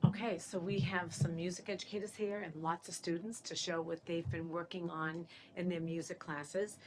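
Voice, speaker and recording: Brief: woman, somewhat low pitch, plain introductory delivery, faint noise behind. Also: level tone, moderate pace. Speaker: meeting presenter. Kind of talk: introducing a presentation.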